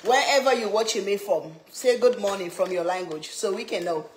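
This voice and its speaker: A woman's voice: mid-range voice, fairly quick, echoey room, a little hiss or hum. A woman from Leone, hosting a cooking livestream and chatting with viewers, laughing and greeting them by name. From Sierra Leone. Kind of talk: casual live chat with viewers.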